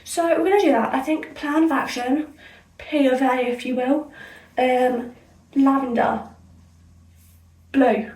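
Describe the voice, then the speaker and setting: A woman's voice: high-pitched, steady tone, takes it slowly, pauses often, a little mellow, distant mic. A young woman from England, chatting in a rambling, self-correcting way while she dyes her hair for a vlog. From Somerset, England. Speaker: vlogger. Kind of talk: casual hair-dye vlog chat. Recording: echoey room, off-mic.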